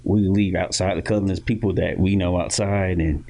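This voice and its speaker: With a low voice and a fairly quick pace, the young Florida man co-hosts the podcast and relays a childhood story casually, stumbling through restarts and fillers. He voices the people in it with loud, animated impressions.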